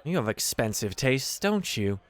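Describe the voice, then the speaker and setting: A man's voice: medium pitch, sing-song, measured pace, no echo. A man voicing a genial retired male adventurer who works as a sly, friendly faction contact.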